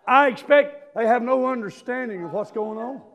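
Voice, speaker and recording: A man preaching a sermon, telling stories and breaking into shouted hallelujahs. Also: extremely high pitch, normal speed. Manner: emphatic storytelling, bursts into shouted hallelujahs.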